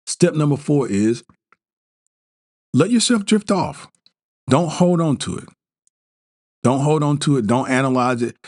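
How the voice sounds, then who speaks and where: A man hosting a podcast, talking listeners through a bedtime self-help practice in a slow, gentle, repetitive way, with restarts and fillers. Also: mid-range voice, dry recording, clean studio sound. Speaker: podcast host. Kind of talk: guided self-help talk.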